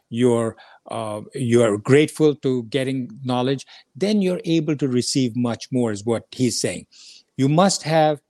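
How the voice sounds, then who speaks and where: A man teaches a scripture lesson in a conversational, earnest way, stopping to repeat his main points. His voice sits at an ordinary middle pitch. The sound is dry, with no room echo. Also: mellow.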